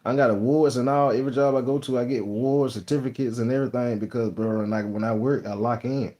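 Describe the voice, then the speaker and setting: A man's voice: mid-range voice, steady tone, fast talker, dark tone. A young man with a Texas Southern accent, hosting a live stream, rambling and bragging in slangy casual chat. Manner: boastful, rambling, slangy storytelling.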